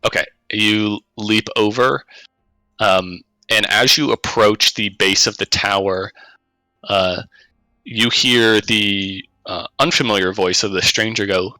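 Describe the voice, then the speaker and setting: A man running a tabletop game as game master, narrating at an unhurried pace with frequent hesitations. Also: on the low side, steady tone, pushed and bright, no room sound, rough recording.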